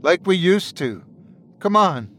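A man voicing an elderly husband, emotional, his voice rising with excitement. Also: high voice, slow, slight background noise, voice pushed up, exaggerated voice. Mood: tearful joy. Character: elderly husband, tender and overjoyed.

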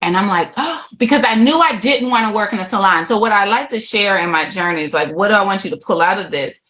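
A woman's voice: medium pitch, lively intonation, fast, pushed and bright. A middle-aged woman, a podcast guest, telling her life story with animation, laughing often and acting out quoted voices.

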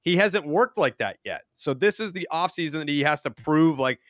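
Bright-voiced man rambling with filler. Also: on the high side, lively intonation, moderate pace, hardly any pauses, dry recording, studio quality. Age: 30s. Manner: rambling, heavy use of "like" filler. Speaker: podcast guest. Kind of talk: casual chat.

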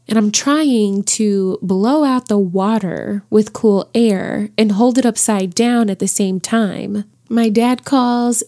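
Chatty woman podcast host, mellow voice. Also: mid-range voice. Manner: lively, chatty, addresses listener as sis. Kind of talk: personal storytelling.

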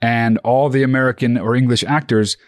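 A man's voice: mid-range voice, fairly even intonation, a little fast, no room sound. A man with a middling voice co-hosts a podcast, trading sardonic, profane jabs in easy conversation. His voice is close and dry, with no room sound. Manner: dry, sardonic, swears often. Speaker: podcast co-host. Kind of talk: casual chat.

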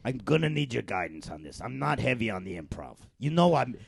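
A man's voice: mid-range voice, very animated, a little fast, creaky, slightly rough. A man cohosting an improv comedy chat, talking in conspiratorial, swaggering banter.

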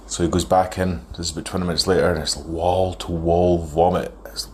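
There's slight background noise as a man in his thirties records a phone voice note, spinning a long, rambling tale and chuckling. His voice is low-pitched and flat, and he talks briskly in a casual storytelling way.

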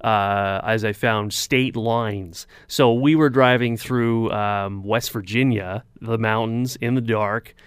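Smooth-voiced man telling a radio anecdote. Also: lowish voice, steady tone, slow, hardly any pauses, no room sound, clean studio sound. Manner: rambling, anecdotal, many fillers. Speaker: radio weather announcer, show regular. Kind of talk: casual radio talk, storytelling. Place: radio studio.

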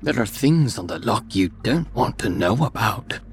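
A man voicing a wary old woman from the rural Scottish countryside, speaking quietly with a rural Scottish accent and a grave, warning manner. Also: fairly low pitch, animated, normal speed, faint music behind, voice pushed up.

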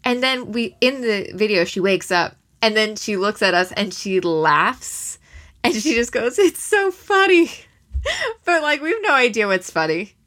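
A woman's voice: medium pitch, lively intonation, normal speed, a bit bright. A woman hosting a casual podcast chat, chatty and rambling with plenty of fillers.

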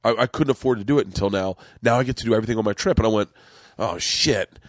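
A man's voice: on the low side, racing, no echo. Middle-aged guy rambling thru a story, swears a lot, does everyones lines, dead dry room. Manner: rambling, profane, acts out quotes. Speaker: podcast host, comedian. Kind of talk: casual storytelling chat.

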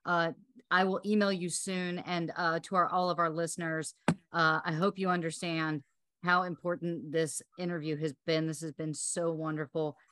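A woman's voice: lowish voice, flat delivery, moderate pace, fairly bright tone. A woman podcast host, effusive and thankful in casual chat.

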